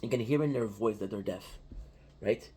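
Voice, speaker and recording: A man talks in a loose, rambling monologue, tagging "right?" onto nearly every point. His voice is dark and soft-edged, with a slight huskiness. He restarts phrases often as he thinks aloud. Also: on the low side, normal speed, breathy edge. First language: French. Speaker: channel host.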